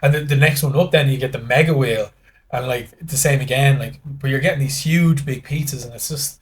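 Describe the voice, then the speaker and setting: Man, Dublin Irish accent, casual podcast chat, rambling storyteller, middle pitch. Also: fairly quick. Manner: rambling storyteller acting out dialogue, many restarts. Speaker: guest.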